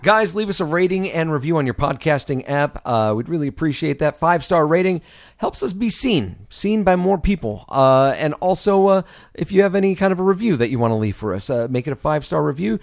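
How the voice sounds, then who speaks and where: Male podcast host, fairly high voice, relaxed joking banter, casual chat. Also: a little fast, creaky.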